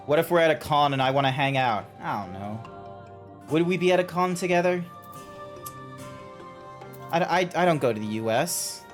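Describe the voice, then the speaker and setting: A man's voice: on the high side, expressive, normal speed, pauses often, soft background music. A young Australian man chatting casually while streaming a game, rambling with restarts and frequent swearing.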